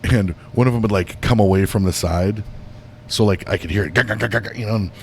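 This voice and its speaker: A man's voice: on the low side, brisk, a little mellow, slight background noise. A man chatting casually on a podcast, grumbling and swearing. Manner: profane, grumbling. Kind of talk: casual chat.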